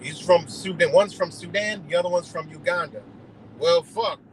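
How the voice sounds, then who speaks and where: A man's voice: a little high, normal speed, slight background noise, rough recording. A man ranting heatedly and profanely in a rambling live monologue, streaming from a car on the road. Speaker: livestreamer.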